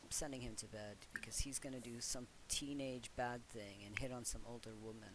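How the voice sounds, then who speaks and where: A woman's voice: very deep voice, fairly even intonation, a little fast, heavy background noise. A woman casually commenting on a life-simulation game she is playing, chatting playfully and speaking her characters' thoughts aloud. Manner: chatty, voices the Sims' thoughts in playful asides. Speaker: Let's Play host.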